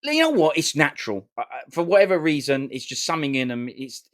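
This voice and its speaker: A man from London hosting a casual podcast chat, talking in an emphatic, repetitive, animated way. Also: on the high side, fast, no room sound, studio quality. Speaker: podcast host.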